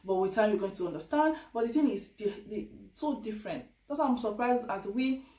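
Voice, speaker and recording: A Nigerian woman talks straight to her viewers in a chatty, lively way, slipping into little voices when she quotes people. She sits some way back from the mic, so her voice carries the echo of the room around her. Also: on the high side, brisk. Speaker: vlogger. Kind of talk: casual advice vlog. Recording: echoey room, distant mic.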